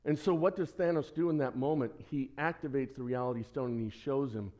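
A man preaching a sermon as pastor, lively and conversational, who quizzes the congregation and throws in joking asides. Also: medium pitch, fairly quick, hardly any pauses, lo-fi sound. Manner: lively, asks the congregation questions, self-deprecating asides.

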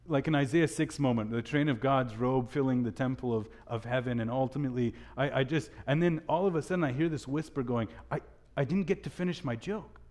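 A young man giving a sermon with a personal story, telling it in an animated way with many restarts. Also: medium pitch, fairly quick, few pauses. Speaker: speaker at a church gathering.

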